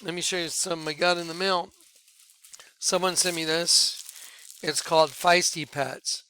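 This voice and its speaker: A man leading a ministry, talking viewers through images on his screen in an excitable, repetitive way. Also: a little high, normal speed, a little hiss or hum. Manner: excitable, repeats himself, points things out to viewers. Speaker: ministry leader presenting on screen. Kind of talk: screen-share commentary.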